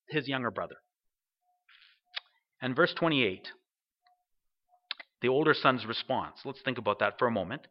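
A man's voice: medium pitch, lively intonation, moderate pace, pauses often, muffled recording. A man preaching a sermon, reading scripture aloud and putting questions to his listeners. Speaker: pastor.

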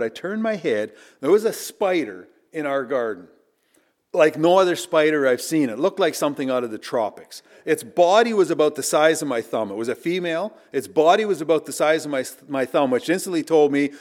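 A middle-aged male preacher with a voice sitting a touch above the usual male range. He tells his story in an earnest, storytelling way. He leans loudly into the emphatic lines, then falls to a near-murmur for the asides. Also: fairly high pitch. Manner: earnest, swinging between loud emphasis and hushed asides. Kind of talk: storytelling sermon. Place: chapel.

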